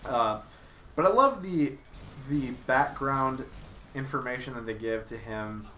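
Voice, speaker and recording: A young man hosting a casual podcast chat, enthusiastic and rambling, quick to laugh. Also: mid-range voice, pushed and bright. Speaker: podcast host. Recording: echoey room mic from a distance with faint noise.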